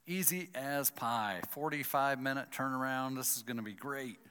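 A man's voice: mid-range voice, normal speed, clean tone. A man telling a personal story with a moral, acting out his own thoughts as he goes. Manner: animated, acts out his own inner thoughts. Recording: long hall reverb.

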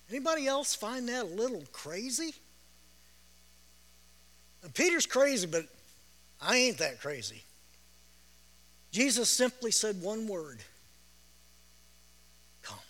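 High-voiced man preaching in an echoing hall. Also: big pitch swings, slow pace, long pauses. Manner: storytelling, repeats words, laughs, bursts into shouts. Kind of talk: sermon. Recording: long reverb of a large hall.

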